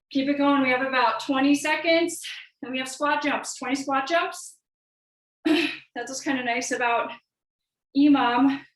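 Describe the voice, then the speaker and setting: A young woman with a high, slightly bright voice coaches a live fitness class, calling encouraging cues and countdowns while a bit breathless. The sound is echoey and picked up from far off.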